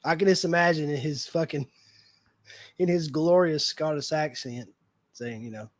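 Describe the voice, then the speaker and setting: A man's voice: on the high side, normal speed, dry recording. Rambling male stream host, raised voice. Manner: rambling, heavy use of fillers like "like" and "you know". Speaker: livestream host. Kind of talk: casual fan chat.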